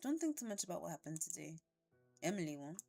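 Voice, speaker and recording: A woman doing a calm, quiet smoker with a fake French accent. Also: lowish voice, fast talker, vocal fry, breathy edge, faint music behind, heavily acted. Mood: gentle. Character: soft-spoken man, calm cigarette smoker.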